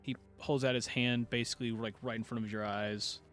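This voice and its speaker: Male game master, mid pitch, halting narration, faint music behind. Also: level tone, a bit bright. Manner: hesitant narration with frequent "uh"s.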